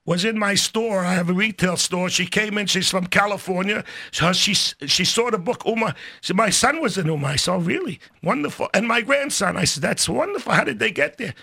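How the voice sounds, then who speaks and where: An older man telling stories in a casual, animated way, acting out the voices of people in them. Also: sits high, a little fast, vocal fry, few pauses, husky. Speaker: storyteller guest. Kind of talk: casual spoken storytelling.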